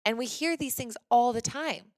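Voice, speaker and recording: A woman from Missouri hosting a podcast, telling a personal story in a lively, chatty way with lots of "like" fillers. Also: on the high side, normal speed, no echo. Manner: animated, chatty, frequent "like" fillers. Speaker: podcast host. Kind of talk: casual storytelling monologue.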